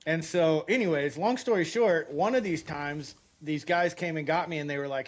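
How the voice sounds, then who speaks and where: A middle-aged man streaming a game, chatty and animated, often laughing as he tells a long story. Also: a little high, normal speed, few pauses. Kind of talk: casual storytelling while gaming.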